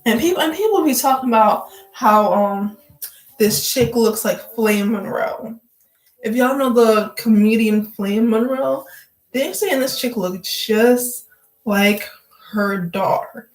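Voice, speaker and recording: A woman's voice: a little high, slow, reverberant, poor audio. A woman vlogger giving casual gossip commentary, blunt, profane and joking, full of "like" fillers.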